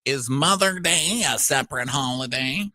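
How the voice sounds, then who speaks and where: A man's voice: medium pitch, moderate pace, pushed and bright, dry recording. A man co-hosting a casual reality-show recap in an exasperated, sarcastic way. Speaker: podcast co-host.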